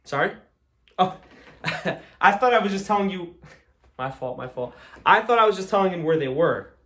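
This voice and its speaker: A man's voice: high-pitched, animated, normal speed, fairly bright tone. A young American man doing live magic patter, chatty and joking at his own expense. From United States. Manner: chatty, joking, self-deprecating.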